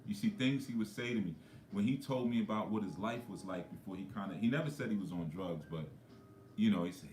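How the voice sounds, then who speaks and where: A low-pitched man tells stories to his livestream viewers. He speaks conversationally and keeps dropping in frequent asides. His voice echoes around a roomy space, with faint ambience underneath. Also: a little fast, a little mellow, a little hiss or hum. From New York. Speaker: spiritual coach. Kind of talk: livestream talk.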